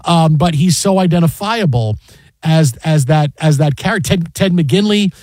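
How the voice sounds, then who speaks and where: A man's voice: on the high side, expressive, moderate pace, a little mellow, no room sound. A man hosting a sports talk show, chatting casually in a rambling, self-interrupting way into a close studio mic. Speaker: sports radio host.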